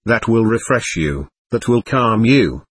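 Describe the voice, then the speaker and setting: A man voicing a soft-spoken, extremely polite investigating lawyer. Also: on the low side, animated, a little slow, husky, dry recording. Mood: soothing.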